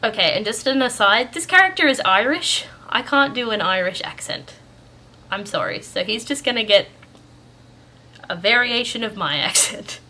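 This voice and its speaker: Bright-voiced Australian woman storyteller. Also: fairly high pitch, animated, moderate pace. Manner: chatty, upbeat, with fillers. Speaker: storyteller and channel host. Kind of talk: casual chat, then read story narration.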